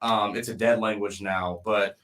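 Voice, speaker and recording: A man's voice: fairly low pitch, steady tone, unhurried, fairly bright tone. Rambling, explaining podcast man. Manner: explains ideas at length with many fillers. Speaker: podcast co-host. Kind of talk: casual podcast chat.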